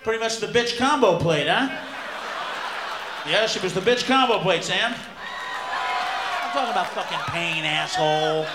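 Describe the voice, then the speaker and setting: Shouting, ranting man doing stand-up. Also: high voice, lively intonation, measured pace, pauses often. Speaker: stand-up comedian. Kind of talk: live stand-up routine. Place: large venue with audience. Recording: roomy live recording with crowd and noise. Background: audience laughter.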